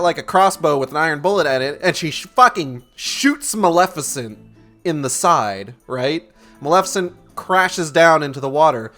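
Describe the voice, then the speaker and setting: A man with a somewhat high voice rambles loosely through a movie plot, swearing freely and adding fillers as he goes. Faint music plays behind him while he streams. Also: a bit bright. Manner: casual, profane, rambling. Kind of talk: casual movie recap while gaming.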